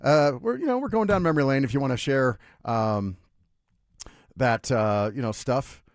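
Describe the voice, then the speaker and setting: A male sports radio host telling stories in an animated, chatty way, full of asides. His pitch rises and falls a great deal, and the studio sound is dry and close to the mic. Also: moderate pace, no echo. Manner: animated storyteller, lively with asides. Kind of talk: casual radio storytelling.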